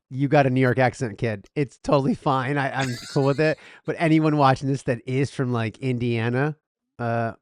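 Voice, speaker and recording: A man's voice: mid-range voice, a little mellow, dry recording, clean studio sound. A man co-hosting a casual podcast, rambling and stammering through his points and laughing often. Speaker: podcast co-host.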